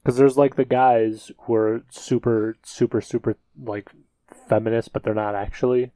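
A man's voice: medium pitch, level tone, normal speed, dark tone, dry recording, low-quality recording. A man cohosting a casual comedic podcast who asks joking questions and riffs at length.

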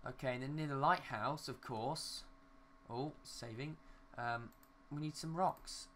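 A man's voice: medium pitch, measured pace, fairly bright tone, slight background noise. Rambling young man narrating his gameplay. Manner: rambling, talks to himself, mild swearing. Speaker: gaming YouTuber. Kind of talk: casual gameplay commentary.

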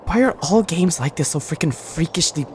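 A gamer giving rambling, excitable let's-play commentary, swinging between loud outbursts and mumbled asides. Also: medium pitch, brisk. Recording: voice over game music.

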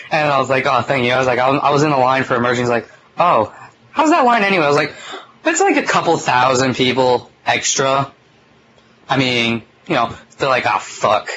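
A man's voice: medium pitch, fairly bright tone, a little hiss or hum, poor audio. A young man hosting a casual talk show, telling a long story in a rambling way, full of "like" and some swearing, recorded on a phone. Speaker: podcast host.

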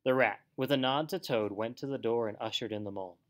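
A man teacher reading a story aloud to children, with an expressive, animated delivery. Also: medium pitch, quick pace.

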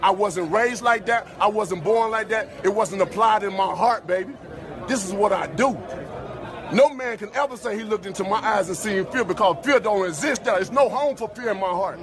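Defiant high-voiced boxer over a crowd. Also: male voice, normal speed. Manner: defiant, boastful. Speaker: professional boxer. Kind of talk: defiant interview statement.

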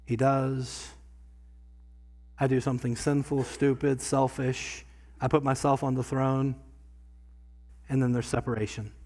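A pastor preaching a sermon in a church, talking conversationally and swinging from quiet asides to loud bursts. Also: male voice, medium pitch. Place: church sanctuary.

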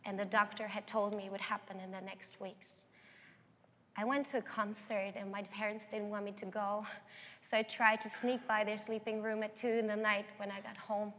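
A woman's voice: mid-range voice, flat delivery, moderate pace, pushed and bright. A young woman, a guest singer, telling her life story earnestly in an interview. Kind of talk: interview testimony. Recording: long hall reverb.

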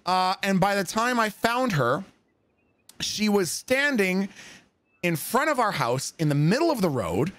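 Animated high-voiced man telling a story. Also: a little slow, dry recording. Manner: animated, profane, spoofs dialogue. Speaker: streamer. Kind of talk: casual storytelling on stream.

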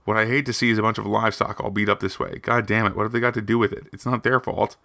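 A man's voice: on the low side, level tone, fast talker, creaky, pushed and bright, no echo, studio quality. A man reading as a blunt, bitter army driver. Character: weary bitter young male army driver.

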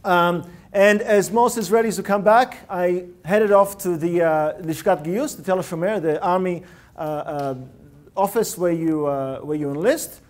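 Guy doing a ted-style talk, high voice, animated, keeps throwing questions at the crowd. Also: a little slow. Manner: animated, punchy rhetorical questions to the audience. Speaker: public speaker. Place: lecture hall stage with live audience.

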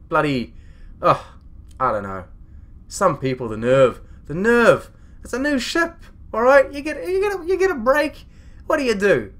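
A man's voice: a little high, sharp tone. A man playing a grumpy, foul-mouthed starship captain, rambling and ranting with indignation in a comedy monologue. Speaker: comedy web series creator.

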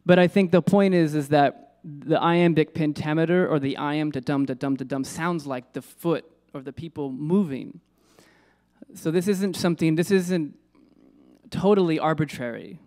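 A man with a slightly mellow voice on the high side lectures informally about poetry in a lecture room. Casual and musing, he often restarts and addresses asides and questions to the audience.

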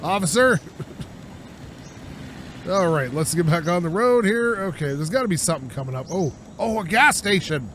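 Hoarse gamer, lively pitch. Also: male voice, moderate pace, pauses often. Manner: chatty, rambling, laughs often. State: sore throat. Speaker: gaming channel host. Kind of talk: let's play commentary. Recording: game engine noise underneath. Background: car engine and game ambience.

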